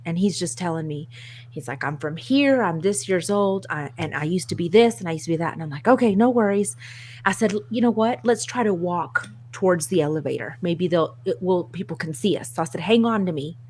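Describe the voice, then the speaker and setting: A woman co-hosting a casual chat show, telling a story in an animated, self-mocking way and laughing often. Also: fairly low pitch, brisk, a little hiss or hum. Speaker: co-host.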